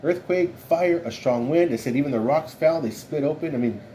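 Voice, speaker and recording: There's a faint hiss or hum as this man, a Bible teacher, leads an informal study at a moderate pace. His voice is a little high but dark in tone, and he chats through the material, often checking in with "right?"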